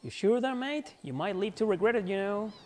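A man's voice: mid-range voice, normal speed, lightly acted. A man voicing a cocky teenage girl thief in a mock British accent, brash and teasing.

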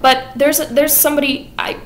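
A woman's voice: high voice, level tone, a little fast, pitched above the performer's own voice, natural voice. A woman voicing a timid, loyal boy helper who talks in a hesitant, earnest way.

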